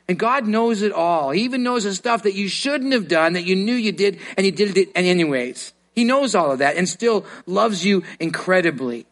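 A man's voice: sits high, fairly bright tone. A man preaching a sermon to a congregation, earnest and given to repeating words as he starts a thought. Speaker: pastor.

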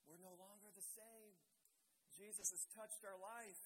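A man's voice: high voice, steady tone, unhurried, background noise. A man pastor preaching a sermon with an impassioned, repetitive cadence, leading into prayer. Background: music.

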